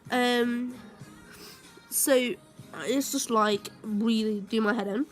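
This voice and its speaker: A woman's voice: on the high side, fairly even intonation, slow pace, faint music behind. A young woman telling a rambling story to her vlog viewers, with many fillers and heated bursts. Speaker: vlogger.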